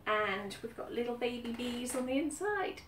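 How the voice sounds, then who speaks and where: A woman's voice: on the high side, lively intonation, moderate pace, a bit bright. Chatty woman from the UK, roomy sound. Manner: chatty, many ums, repeats herself. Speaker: cross-stitch vlogger. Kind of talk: casual chat. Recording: roomy echo, somewhat far from mic, faint background noise.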